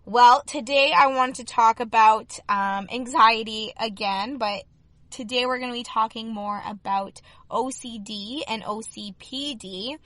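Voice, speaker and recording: A young adult woman hosting a podcast in chatty, upbeat talk, her voice slightly hoarse. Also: fairly high pitch, bright, forceful tone, no echo. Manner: chatty and upbeat, many fillers. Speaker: podcast host. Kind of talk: casual solo podcast talk.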